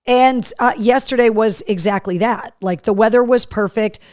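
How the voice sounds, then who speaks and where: A woman's voice: a little high, moderate pace, a little mellow, no echo, clean studio sound. Chatty woman hosting live. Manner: chatty, reads viewer comments aloud. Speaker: host. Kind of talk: casual live-stream chat.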